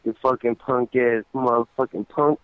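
A man's voice: medium pitch, steady tone, moderate pace, crowd noise. Enraged male phone call target, profane and threatening, tinny phone-line sound. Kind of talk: angry phone argument.

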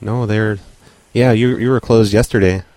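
A man posing as a caller from a corporate office, talking in a brisk, insistent, officious way. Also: fairly low pitch, steady tone, darkish tone, lightly acted. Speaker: prank caller.

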